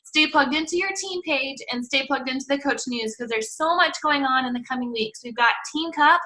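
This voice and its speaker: A woman leads an online team call. Her voice sits very high with a sharp, bright edge. She gushes warmly over her guest and everyone who joined. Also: brisk, poor audio. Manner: upbeat, effusive, welcoming. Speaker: team leader and call host.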